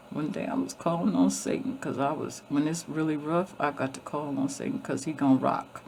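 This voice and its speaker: A woman vlogger tells a story in a blunt, emphatic way, swearing constantly and circling back over her words. Her voice has a gravelly fry to it. There is a faint hiss under the recording. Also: low-pitched, normal speed, darkish tone. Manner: repeats and restarts often. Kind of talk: casual storytelling.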